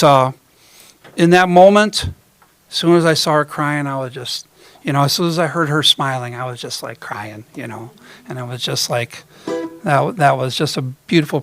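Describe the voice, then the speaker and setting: A man's voice: medium pitch, a bit bright. A middle-aged man and ukulele performer telling rambling, self-mocking stories between songs on a coffee house stage. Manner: chatty, rambling, self-mocking, many fillers. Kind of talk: storytelling stage banter.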